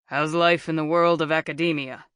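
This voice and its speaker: A woman voicing a veteran male journalist who speaks in a gravelly voice with a grave, somber tone. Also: on the high side, little pitch movement, moderate pace, a bit bright, no room sound, clean studio sound, natural voice.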